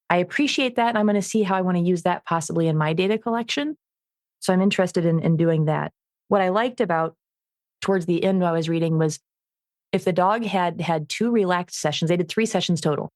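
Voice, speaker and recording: A woman with a somewhat low voice co-hosts a casual podcast, recorded dry and close. She tells animated stories about her dog and gives the dog its own voice. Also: no room sound. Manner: animated storytelling, acts out her dog's voice. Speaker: podcast co-host, dog trainer. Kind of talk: casual chat.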